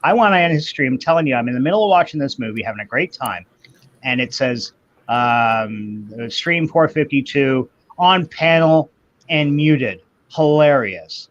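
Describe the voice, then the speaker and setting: A man in his fifties hosting a livestream chat, telling a long profane story in a ranting, animated way. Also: mid-range voice, a little slow. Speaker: livestream host. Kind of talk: casual chat. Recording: slightly muffled stream audio.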